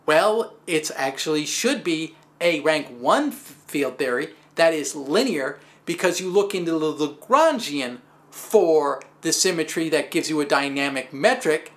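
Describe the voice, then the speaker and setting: A man hosting a stand-up style physics talk, telling stories with wry, animated asides and self-deprecating humor. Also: on the high side, unhurried. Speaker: host.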